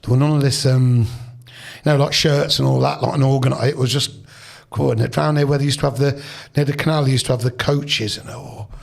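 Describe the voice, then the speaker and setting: Gravelly older man with a Leicester accent. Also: mid-range voice, steady tone, brisk. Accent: Leicester English. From Leicester, England. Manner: rambling, anecdotal, full of restarts and quoted dialogue. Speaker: podcast guest. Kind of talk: casual storytelling chat.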